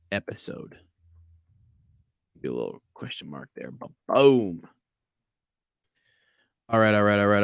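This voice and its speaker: A man's voice: on the low side, no room sound, studio quality. A man hosting a call-in podcast in casual chat, playful and goofy. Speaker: podcast host.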